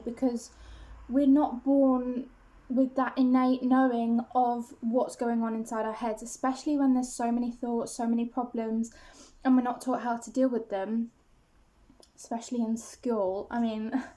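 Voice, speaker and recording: Chatty woman with a high voice. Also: dark tone. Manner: rambling, many fillers and restarts, self-conscious. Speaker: vlogger. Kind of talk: casual confessional chat to camera.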